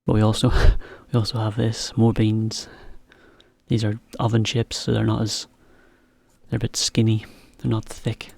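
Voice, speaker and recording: Slow, low-voiced man teaching. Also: creaky, no echo. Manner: relaxed, chatty, laughs now and then. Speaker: English teacher. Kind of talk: slow, clear explanation for learners.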